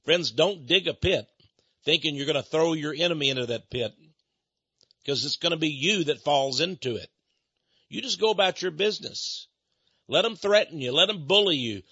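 Male televangelist preacher, fairly high, bright husky voice; folksy and emphatic, repeats for effect. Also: animated, moderate pace, no echo, dull audio. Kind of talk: televangelist sermon with a fundraising appeal.

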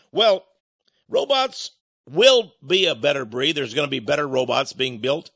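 A man's voice: medium pitch, vocal fry, a bit bright, slightly rough, dry recording. A man talking to his listeners in an emphatic, rambling monologue, now and then acting out other voices. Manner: emphatic, rambling, acts out robot and caller voices.

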